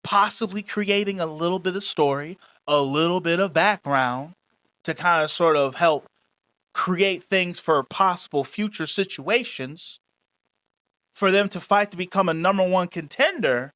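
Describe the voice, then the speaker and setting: High-voiced man in casual podcast chat. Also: unhurried, pushed and bright, no echo. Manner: laid-back, explains at length, mimics interviews. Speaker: podcast co-host.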